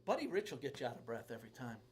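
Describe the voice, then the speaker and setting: A drum teacher rambles through a casual video lesson, joking at his own expense while a drum kit plays loudly in the background. His mid-range voice swings hugely in pitch and moves very fast.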